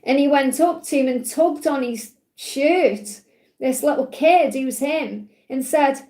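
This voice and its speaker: A woman's voice: high-pitched, slow pace, a little mellow, roomy sound. A woman hosting a spiritual live stream, talking in a heartfelt, rambling way with plenty of fillers. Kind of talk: emotional live-stream talk.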